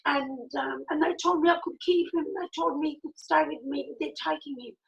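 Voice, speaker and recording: A middle-aged woman tells a personal story with lively energy, acting out both sides of the conversation. Her voice sits high. A gravelly fry runs through it. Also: a little fast, lo-fi sound. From Italy. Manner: animated, acts out quoted dialogue, laughs often. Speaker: speaker.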